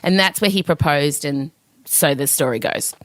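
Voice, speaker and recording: A woman's voice: deep voice, normal speed, dry recording. A woman hosting a podcast, chatting casually in a giggly, teasing way. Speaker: podcast host. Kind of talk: casual chat.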